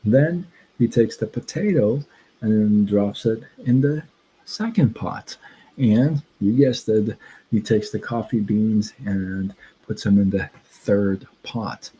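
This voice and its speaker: Slow, husky-voiced man telling a story. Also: fairly low pitch, dark tone, low-quality recording. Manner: rambling and halting, breaks off to greet chat viewers. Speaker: livestream host. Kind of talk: casual livestream storytelling.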